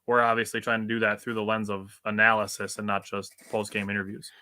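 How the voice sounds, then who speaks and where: A man's voice: lowish voice, completely flat delivery, fast talker, bright, forceful tone. A young man from Wisconsin with a Wisconsin accent, co-hosting a casual sports podcast in a chatty, easygoing way. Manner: chatty, laughs easily, puts on silly accents.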